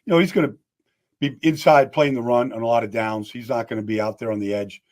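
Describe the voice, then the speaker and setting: A man's voice: medium pitch, fairly even intonation, fast, a little mellow. A man guesting as a football analyst, answering thoughtfully and restarting his sentences now and then. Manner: thoughtful, repeats words when starting a thought. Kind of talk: interview answers.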